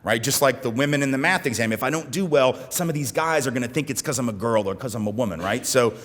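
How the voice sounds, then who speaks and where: American man, keynote speaker, animated, gestures as he talks, keeps asking "right?", middle pitch, long hall reverb. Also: fast talker. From United States. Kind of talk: conference keynote lecture. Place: conference hall in front of an audience.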